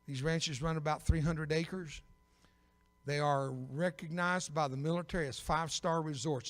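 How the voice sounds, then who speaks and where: An older man preaching a personal testimony sermon as an evangelist, telling his story with bursts of loud emphasis and dry humor. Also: a little high. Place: church sanctuary. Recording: long reverb of a big church.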